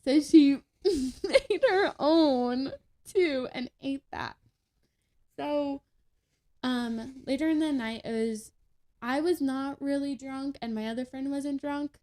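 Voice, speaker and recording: A woman's voice: high-pitched, slow, dark tone. Chatty young woman telling a story. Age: young adult. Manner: chatty, laughing, many fillers and restarts. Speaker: podcast guest. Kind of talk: casual storytelling.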